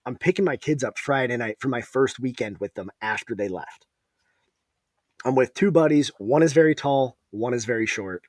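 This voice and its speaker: A man's voice: mid-range voice, normal speed, no echo, studio quality. A man hosting a podcast, telling a rambling, profane story in casual chat. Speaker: podcast host.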